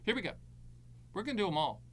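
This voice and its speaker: Middle-aged male advisor, voice on the higher side, chatty live-Q&A host with quick jokes. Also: big pitch swings, a little hiss or hum. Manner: breezy, jokey, self-promoting salesman patter. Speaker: annuity advisor hosting a live Q&A. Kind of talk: live Q&A, answering viewer questions.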